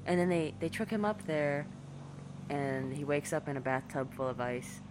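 A woman's voice: sits low, normal speed, noisy background. A woman co-hosting a casual podcast chat, giggling a lot and trying out silly voices. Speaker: podcast co-host.

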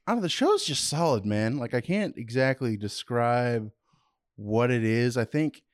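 A laid-back man co-hosting a podcast, talking casually and searching for words as he goes. His voice is middle-pitched and easygoing, recorded dry and close to the mic with no room sound. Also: lively intonation, moderate pace, no room sound. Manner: laid-back, hesitant, many fillers and restarts. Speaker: podcast co-host. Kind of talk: casual chat.

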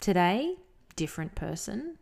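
A woman co-hosting a podcast, chatting casually and telling an animated story with frequent laughs. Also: lowish voice, unhurried, creaky. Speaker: podcast co-host. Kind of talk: casual chat.

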